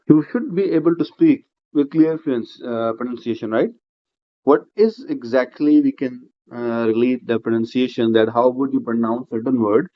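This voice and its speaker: Man, teacher, explanatory lecture, filler-heavy, frequent "right?" checks, mid pitch, slightly dull recording. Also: unhurried, long pauses. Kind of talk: classroom lecture.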